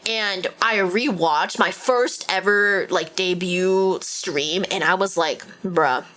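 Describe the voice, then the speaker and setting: A woman VTuber streamer with a Valley Girl accent, chatting casually while reading a game aloud, peppered with "like" and sudden excited outbursts. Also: mid-range voice, takes it slowly.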